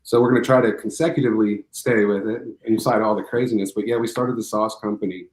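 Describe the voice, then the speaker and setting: A man guest in casual chat, animated and acting out quotes as he talks. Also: fairly low pitch, quick pace. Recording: echoey room.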